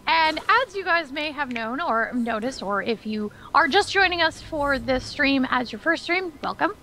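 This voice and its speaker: A high, bright-voiced woman chatting casually as a livestream host. She talks in an upbeat, quick, friendly way, laying out what the stream will cover. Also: expressive, a little hiss or hum, low-quality recording. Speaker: community manager and stream host.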